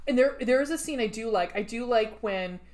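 A woman's voice: fairly high pitch, brisk, a loud crowd. A woman co-hosting a casual movie review podcast, sardonic, swearing freely and reading from her notes. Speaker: podcast co-host.

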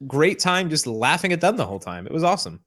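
A man's voice: a little high, big pitch swings, quick pace, fairly bright tone, dry recording, clean studio sound. A man co-hosting a casual podcast, telling stories in a laid-back, laughing way. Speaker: podcast co-host.

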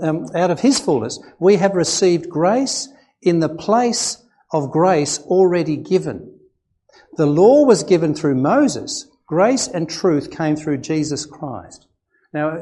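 A male pastor with an Australian accent, preaching a sermon in a conversational way, full of rhetorical questions and animated emphasis. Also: fairly high pitch, unhurried. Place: church.

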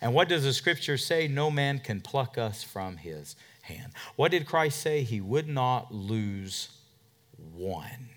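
A man pastor preaching a sermon, emphatic, swinging from loud declarations to hushed asides and asking rhetorical questions. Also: medium pitch, big pitch swings, slow. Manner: asks the congregation rhetorical questions.

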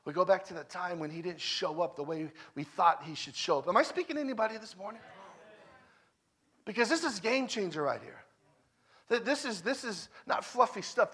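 A man preaching in a high, bright, forceful voice, with a conversational sermon full of stories from family life. He repeats his points emphatically and drops from loud declarations to hushed, intimate lines. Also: slightly rough. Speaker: guest preacher.

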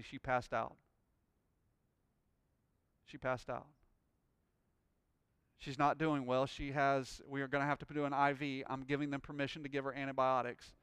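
A man preaching a sermon, telling a personal story and rising into loud, joyful praise. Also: mid-range voice, clear, resonant tone, no room sound, clean studio sound. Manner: exuberant, shouting praise. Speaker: pastor.

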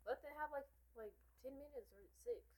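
A woman co-hosting a casual chat, animated and joking with quick retorts. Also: high voice, low-quality recording. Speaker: podcast co-host.

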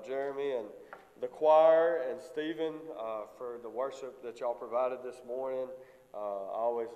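A congested man preaching a sermon in church, halting often with fillers. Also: medium pitch, a little mellow, lo-fi sound. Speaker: lay preacher. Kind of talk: sermon with prayer. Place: church sanctuary. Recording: long church reverb.

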